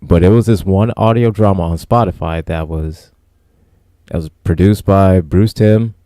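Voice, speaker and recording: A man with a very deep, mellow voice co-hosts a podcast in laid-back, rambling chat. The sound is dry and close, with no room echo. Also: a little slow. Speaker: podcast co-host. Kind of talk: casual podcast review chat.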